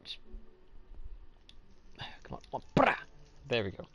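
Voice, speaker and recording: A young man hosting a casual gameplay commentary, rambling and asking himself questions as he plays. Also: normal speed. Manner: rambling, thinks aloud, self-questioning. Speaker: let's play host.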